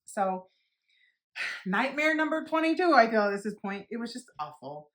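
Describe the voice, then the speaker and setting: Fairly high-pitched and very animated, a woman in her forties speaks at normal speed as she vlogs about beauty. She tells a personal story bluntly and openly, cursing freely and voicing the people in it.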